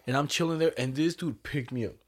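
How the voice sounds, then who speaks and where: A young man casually telling stories with a lot of swearing, his voice jumping high whenever he quotes someone. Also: fast talker. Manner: animated, swearing, jumps way up in pitch when quoting people. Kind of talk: casual storytelling chat.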